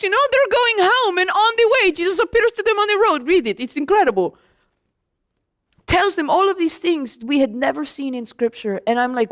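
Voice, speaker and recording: A woman playing the apostle John as a young male disciple, telling his story in an animated first-person monologue straight to the audience. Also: sits high.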